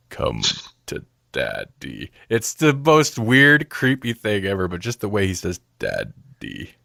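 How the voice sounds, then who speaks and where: Casting: male podcast co-host, low voice, rambling and laughing, dry close mic. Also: a bit bright, no echo. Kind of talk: casual movie review chat.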